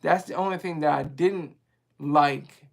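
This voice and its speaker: A man with a somewhat high, gravelly voice hosts a casual livestream and talks straight to his viewers. He rambles in a chatty way and is quick to laugh. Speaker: livestream host reading viewer chat.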